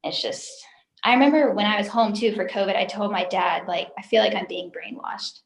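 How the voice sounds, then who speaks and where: A woman's voice: medium pitch, brisk, reverberant, rough recording. A young woman telling her story as an interview guest, talkative and emotional, with many filler words. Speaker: interview guest, former sales recruiter. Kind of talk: candid personal story in an interview.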